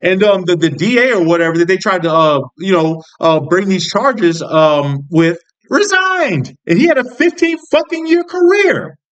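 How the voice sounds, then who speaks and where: This young American vlogger's political commentary is an angry, swear-filled rant full of restarts and frustrated rambling. His high voice is expressive and fairly bright, moving at normal speed with few pauses.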